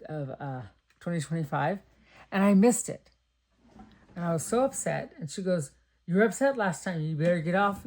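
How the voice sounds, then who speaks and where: Making greeting cards, a middle-aged woman from Texas talks casually and thinks out loud in a deep, mellow voice.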